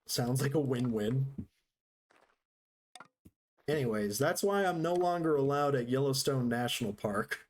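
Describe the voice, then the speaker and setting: A man with a mid-range voice and lively intonation speaks a little slowly, pausing often. He's live-streaming a game and chatting casually with viewers, joking, sarcastic and rambling.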